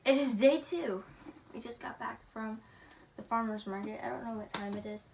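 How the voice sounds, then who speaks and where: Giggly young woman on a noisy phone. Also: medium pitch. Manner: chatty, giggly, rambling. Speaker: vlogger. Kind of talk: casual reading vlog.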